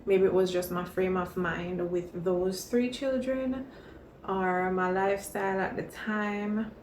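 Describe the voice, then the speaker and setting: A woman chatting in a casual vlog, telling stories in an expressive, chatty way. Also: medium pitch, takes it slowly, slight background noise. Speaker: vlogger. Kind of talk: casual pregnancy vlog chat. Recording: echoey room.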